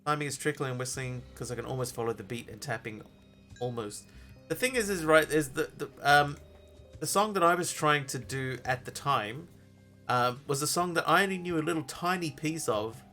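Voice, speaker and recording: A man's voice: on the high side, moderate pace, sharp tone, faint music behind. A man streaming a game live, chatting casually in a rambling way with lots of ums and restarts. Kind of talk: casual live-stream chat while playing.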